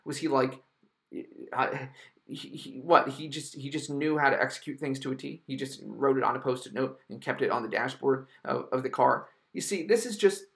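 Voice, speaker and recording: Gravelly, profane man ranting. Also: mid-range voice, fairly bright tone. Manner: profane, sarcastic, exasperated. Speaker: podcast host reviewing films. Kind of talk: ranting solo review.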